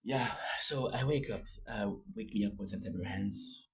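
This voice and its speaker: A sleep-deprived Canadian man rambles goofily through his daily video diary, joking around, slipping into sung bits and silly voices. His voice is fairly low, creaky, and a little breathy, at a moderate pace.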